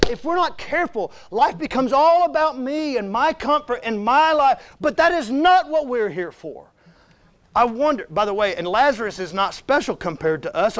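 Man, high voice, emphatic conversational church sermon from a visiting missionary preacher. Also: expressive, moderate pace. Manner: emphatic, conversational, keeps urging "listen" and "come on now". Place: church sanctuary.

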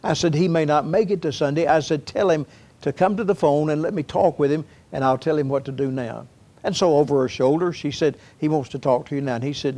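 A man's voice: medium pitch, normal speed, a little mellow. A man preaching a sermon, telling a story earnestly with many repetitions and building to fervent appeals. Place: church sanctuary.

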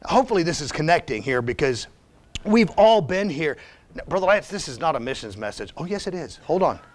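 Impassioned high-voiced preacher, man. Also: very animated, a little fast. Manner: emphatic, personal, swings between hushed and shouted. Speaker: pastor. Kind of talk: sermon.

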